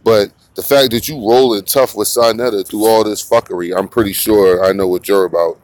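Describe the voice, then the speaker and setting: A man's voice: fairly low pitch, fairly even intonation, brisk, a little mellow. Rambling, profane man doing commentary. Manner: rambling, profane, mocking, laughs often. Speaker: commentary channel host. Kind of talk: casual morning commentary.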